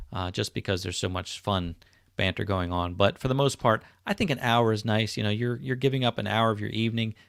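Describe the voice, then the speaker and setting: A man's voice: fairly low pitch, gravelly, dry recording, clean studio sound. A middle-aged man hosting a casual livestream, chatting easily and greeting viewers by name as he reads their comments. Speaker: livestream host. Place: home, indoors. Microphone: webcam setup.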